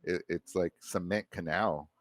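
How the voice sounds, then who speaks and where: Male podcast guest, deep voice, laid-back storyteller who rambles with slang. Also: unhurried, no room sound. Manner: loose and rambling, heavy slang and swearing. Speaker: podcast guest, former Marine. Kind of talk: casual storytelling.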